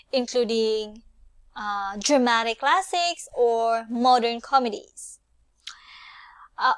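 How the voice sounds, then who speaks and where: A young woman with a Cebuano-speaking Filipino accent talks through a lesson in an unhurried, instructive way. Her voice sits a little high, and she speaks straight to her listeners as fellow teachers. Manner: instructive, addresses teachers directly, mixes in Cebuano phrases. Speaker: education student presenting a lesson. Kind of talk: recorded teaching presentation.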